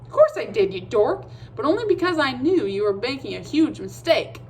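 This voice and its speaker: A woman's voice: fairly high pitch, big pitch swings, moderate pace, a little hiss or hum, pitched above the performer's own voice. Storybook reading, know-it-all boy, exasperated and lecturing, put on by a woman reader.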